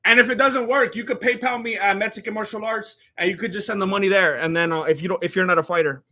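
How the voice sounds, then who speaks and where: Streamer host, young man, bright and edgy tone, rambles and restarts as he riffs on the fights. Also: high-pitched, fairly even intonation, fast. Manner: rambling, joking, self-interrupting. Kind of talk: casual live-stream fight commentary.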